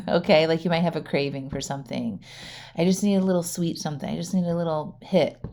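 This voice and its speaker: A chatty woman coach hosting her own podcast, with a slightly low voice. She talks straight to her listeners in a relaxed, conversational way, tagging many sentences with "right?" or "okay?" and laughing easily. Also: a little fast, creaky. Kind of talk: casual solo podcast talk.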